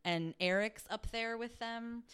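A woman's voice: fairly high pitch, measured pace, fairly bright tone, clear, resonant tone. A woman co-hosting a podcast in casual chat, talking with lots of fillers and easy laughter. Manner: chatty, frequent fillers and laughter. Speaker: podcast co-host.

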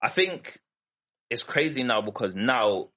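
A man talking casually on a podcast, relaxed and slangy, often ending lines with "innit". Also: mid-range voice, measured pace, dull audio. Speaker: podcast host. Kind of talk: casual chat.

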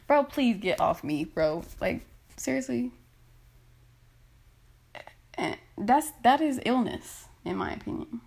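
A woman's voice: a little high, animated, moderate pace, pauses often. A woman podcast host ranting casually and bluntly into her phone, swearing and exasperated.

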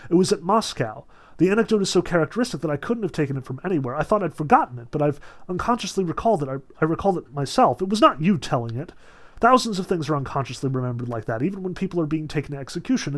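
An agitated young man, proud and skeptical, who rushes his words as he insists he is right, as a man reads him aloud from a novel. The voice rides higher than a man's usual talk. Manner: excited, quickened reading from a novel.

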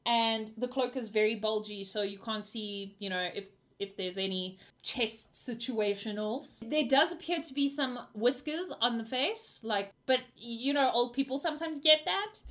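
Lady game master narrating, higher voice, says sorry a lot. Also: a little slow, hardly any pauses, fairly bright tone. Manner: apologetic, laughs often.

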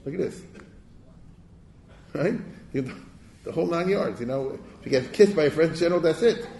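A man's voice: on the high side, expressive, moderate pace, dark tone. An older man giving an informal history lecture, chatty and rhetorical, often checking that listeners follow. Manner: chatty, rhetorical, keeps checking "you understand?". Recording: roomy echoey room.

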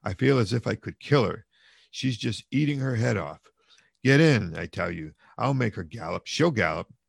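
A man with a gravelly, husky voice playing a drunken, cruel young peasant who shouts loudly in a storybook reading. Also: on the low side, animated, moderate pace, dry recording, clean studio sound, heavily acted. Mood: shouting. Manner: shouting, raised and loud.

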